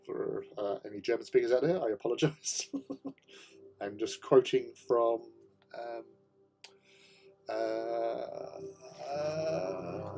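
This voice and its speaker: A man's voice: medium pitch, expressive, takes it slowly, long pauses, darkish tone, slightly rough, soft background music. A man hosting a casual hobby livestream, chatting while he paints miniatures, joking and laughing often as he greets viewers. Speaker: livestream host.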